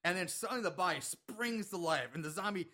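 A man's voice: high voice, fast, bright, forceful tone. A man casually recapping a horror movie plot with a co-host, laughing often and swearing freely. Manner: laughs often, profane, retells scenes. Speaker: podcast co-host.

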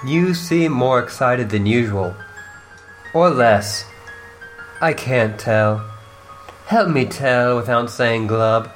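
Woman playing a calm proper troll girl, dry and formal, fan chat log read. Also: extremely low pitch, faint music behind. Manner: measured, formal wording with dry humor. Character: calm, formal, dryly witty young female troll. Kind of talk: fan reading of chat logs.

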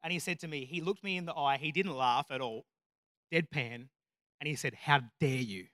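A man's voice: fairly high pitch, brisk, bright, forceful tone, dry recording, studio quality. A man preaching a sermon, telling stories with self-deprecating humor and building to emphatic, repeated declarations. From Australia.

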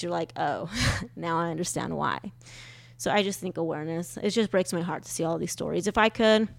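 A young woman co-hosting a podcast with her husband, chatty and quick to laugh, emotional as she talks about children. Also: on the low side, vocal fry, dry recording. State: pregnant. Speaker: podcast co-host. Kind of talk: casual chat.

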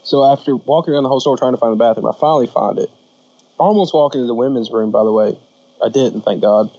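A man's voice: medium pitch, fast, mellow, dry recording, highs cut off. A man co-hosting a podcast, chatting casually with blunt, crude jokes. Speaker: podcast co-host. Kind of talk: casual chat.

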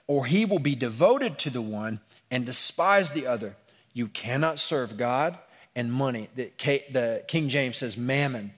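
A man preaching a sermon in a church, animated, acting out sarcastic asides before dropping to a hushed, intense tone. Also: mid-range voice. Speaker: pastor. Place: church sanctuary.

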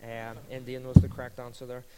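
Jokey host in a hall. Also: male voice, medium pitch, completely flat delivery, a little fast, crowd noise. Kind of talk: hosting a panel Q and A. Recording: long reverb of a hall.

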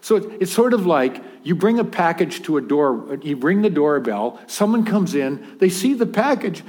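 A man's voice: high voice, sing-song, moderate pace, darkish tone. A man preaching a sermon in a conversational, humorous way, with acted asides.

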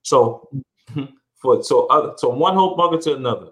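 A man's voice: mid-range voice, lively intonation, moderate pace. A middle-aged man speaking earnestly as a podcast guest, often repeating and restarting words, his voice rising when he stresses a point. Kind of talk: reflective conversational interview.

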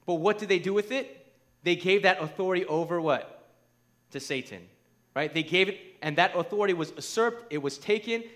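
A man preaching a sermon in a conversational, emphatic way, often checking in with "right?" and building to near shouts. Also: sits high. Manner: conversational, asks the crowd "right?".

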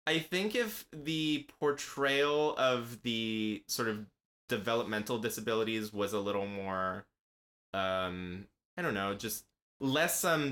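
A man's voice: lowish voice, fairly bright tone. A young adult man co-hosting a casual podcast, chatting with lots of fillers and frequent laughter. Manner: laughs often, hesitant with fillers. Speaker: podcast co-host. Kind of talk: casual chat.

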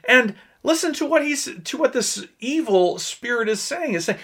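A male pastor delivering a sermon in an earnest, emphatic way, pausing on key words. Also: extremely high pitch, lively intonation, a bit bright.

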